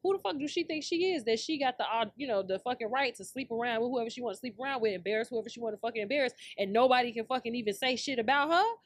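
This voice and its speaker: A woman's voice: fairly high pitch, rapid-fire, hardly any pauses, no room sound. Blunt, profane woman ranting hotly. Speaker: podcast host. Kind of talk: casual pop-culture commentary.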